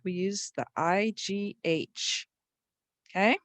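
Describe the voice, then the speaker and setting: Woman, spelling teacher for young kids, patient, sounds out letters, slightly creaky voice, dry close sound. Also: mid-range voice, takes it slowly, dry recording. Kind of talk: spelling lesson for young children.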